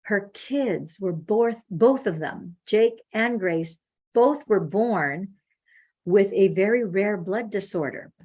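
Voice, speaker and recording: A woman in a mid-range voice talks slowly as host of a casual phone consultation, animatedly telling stories and performing the quotes within them.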